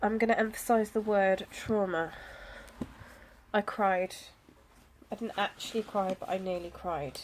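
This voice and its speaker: A woman's voice: medium pitch, unhurried, slight background noise. Chatty British woman narrating her planner. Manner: chatty and self-deprecating, with frequent fillers and soft asides. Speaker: planner vlogger. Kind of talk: casual chat.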